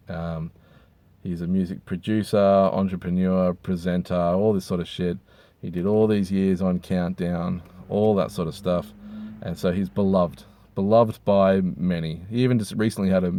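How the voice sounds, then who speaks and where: A hungover man, rambling crudely and with deadpan humor while reviewing hats from inside a car. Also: sits low, dry recording. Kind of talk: casual rambling monologue.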